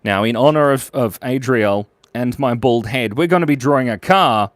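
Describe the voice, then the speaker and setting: A man live-streaming while drawing, chatting playfully, muttering quietly as he works and jumping to squeaky, excited highs. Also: normal speed, dry recording. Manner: playful, jumps to squeaky high bursts of excitement.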